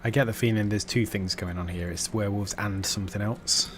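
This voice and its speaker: A man's voice: on the low side, fairly even intonation, brisk, soft background music. A man casually commenting and joking while streaming a video game. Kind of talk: let's play commentary.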